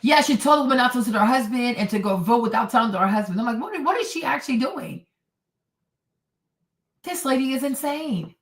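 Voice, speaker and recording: A woman's voice: fairly high pitch, fast talker, few pauses. A woman hosting a commentary show, reacting to clips with indignant, mocking sarcasm. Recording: echoey room, distant mic.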